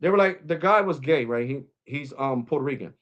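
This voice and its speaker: A man's voice: fairly high pitch, animated, brisk, dull audio. A man vlogging, ranting to his viewers in a blunt, mocking way. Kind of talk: opinion rant to camera.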